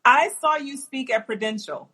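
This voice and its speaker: A woman with a high voice hosting a podcast interview in casual chat. She talks in an effusive, excited way, piling on praise for her guest. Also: moderate pace, husky. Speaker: podcast host.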